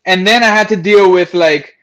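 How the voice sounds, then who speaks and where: A man tells a personal story frankly, bluntly and with profanity, acting out what other people said. His voice is mid-range and a bit bright, at a moderate pace.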